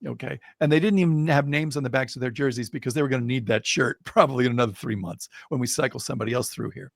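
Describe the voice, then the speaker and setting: A middle-aged man, a guest in a casual interview, telling an anecdote in an animated way and building suspense. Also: mid-range voice, fast, gravelly, no echo, studio quality. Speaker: guest storyteller.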